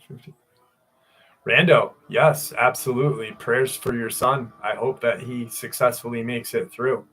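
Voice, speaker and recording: A man in the middle of his range hosts a relaxed live chat. He talks loosely and gets excitable, calls out viewers by name and drops the odd swear word along the way. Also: medium pitch, a little slow, husky. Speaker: livestream host.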